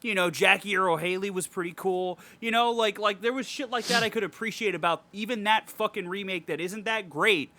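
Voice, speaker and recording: Bright-voiced man ranting on a podcast. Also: high voice, fairly quick, hardly any pauses, a little hiss or hum. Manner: animated, profane ranting with frequent laughs. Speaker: podcast co-host. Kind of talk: casual podcast film review.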